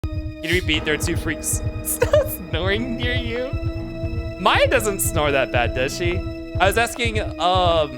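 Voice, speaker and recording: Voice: medium pitch, big pitch swings, slow. A streamer giving casual, rambling commentary over a game, with many restarts and filler words. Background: game music.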